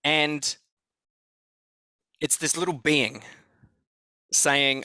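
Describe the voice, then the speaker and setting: Bright-voiced excitable Australian man. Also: mid-range voice, moderate pace, no echo. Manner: excited, profane, repeats himself. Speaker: podcast guest. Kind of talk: conversational storytelling.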